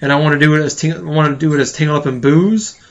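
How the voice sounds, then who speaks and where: A man's voice: fairly high pitch, steady tone, rapid-fire, dull audio. A man co-hosting a casual podcast, joking around and breaking into mock singing. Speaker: podcast co-host. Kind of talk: casual banter with joke singing.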